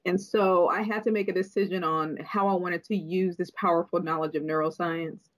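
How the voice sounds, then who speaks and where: A middle-aged woman with a lowish voice speaks as a neuroscientist guest. She talks thoughtfully, with frequent fillers, and slows down deliberately to stress her key ideas. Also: fairly even intonation, low-quality recording. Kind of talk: interview conversation.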